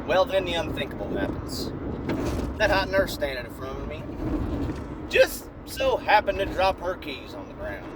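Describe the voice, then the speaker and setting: A man telling a brash, animated comedic story in a casual way, recorded in a parked car. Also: on the high side, normal speed, very noisy. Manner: animated, brash, shifting into voices.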